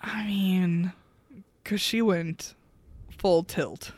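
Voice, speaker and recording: A woman's voice: fairly low pitch, steady tone, very slow, darkish tone, no echo. A woman co-hosting a podcast, recapping a reality show in casual chat, sardonic and chatty with frequent laughs and ums. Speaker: podcast co-host.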